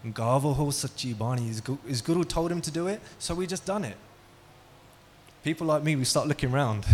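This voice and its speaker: A man's voice: mid-range voice, brisk, slight background noise. A man giving an interactive talk, asking the audience questions and telling stories. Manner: engaging, asks the audience questions. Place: hall with an audience.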